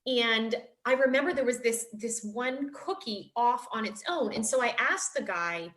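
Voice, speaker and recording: A woman guest in casual podcast chat, telling lively stories and laughing often. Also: on the high side, unhurried. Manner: animated storyteller, laughs often.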